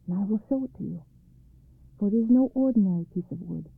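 A woman voicing a gentle old man, a wandering wood carver, in a soft and patient way, on a tinny recording. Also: medium pitch, quick pace, gravelly, husky, no room sound. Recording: dry, tinny phone-like sound.

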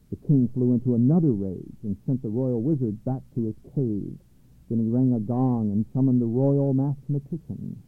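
A man narrating a children's story aloud in a measured, clear way, over a tinny line. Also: medium pitch, no room sound. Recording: tinny phone-like line, dry.

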